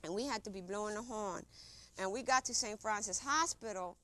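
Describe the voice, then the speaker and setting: A woman's voice: mid-range voice, a little fast, fairly bright tone. A woman recounting a personal experience in casual, informal speech, often repeating herself and acting out what others said. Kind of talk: conversational personal storytelling.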